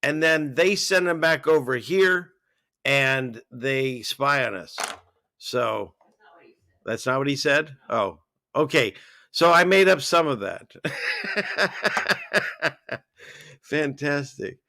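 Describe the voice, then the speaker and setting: Gravelly, bright-voiced rambling man. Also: mid-range voice, takes it slowly, pauses often, no room sound, clean studio sound. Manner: excitable, rambling, jumps between topics. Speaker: livestream host. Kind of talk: casual chat reading viewer comments.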